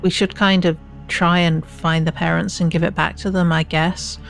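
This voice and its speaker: A woman with a fairly low voice talks through ideas in a casual tabletop game session. Her manner is thoughtful and planning, with faint music behind. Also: level tone, moderate pace, creaky. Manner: thoughtful, suggests plans. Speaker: player.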